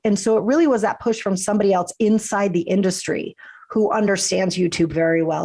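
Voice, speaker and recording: Woman coach guest on a podcast, has a cold, talks fast and lively, does little voices for quotes. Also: on the low side, gravelly. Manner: chatty, animated, acts out quotes. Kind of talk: casual interview chat.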